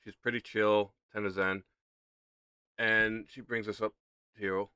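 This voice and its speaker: A man hosts a casual gaming livestream, chatting straight to his viewers. His voice sits a bit low but sounds bright and forward. He keeps restating his point with easy, conversational emphasis. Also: level tone, slow pace, clear, resonant tone, no echo. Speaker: streamer.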